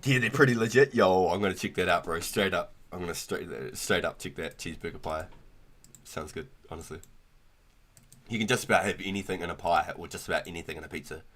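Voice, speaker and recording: A man's voice: low voice, quick pace, fairly bright tone. A young man, chatting casually and rambling on a gaming livestream, full of slang like "bro". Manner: laid-back, slangy, rambling with frequent "bro" and "like". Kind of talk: casual gaming stream chat.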